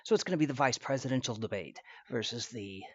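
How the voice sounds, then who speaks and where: A man's voice: mid-range voice, lively intonation, fast talker, lo-fi sound. A man hosting a stream, giving casual commentary in a rambling way, full of fillers and restarts. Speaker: stream host.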